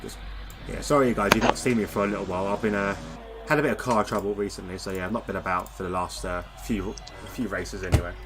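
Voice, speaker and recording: A man's voice: on the low side, fairly even intonation, fast, loud music behind the voice. A man hosting live sim-racing commentary, chatty and rambling, reading out standings with self-deprecating asides. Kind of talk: live esports race commentary.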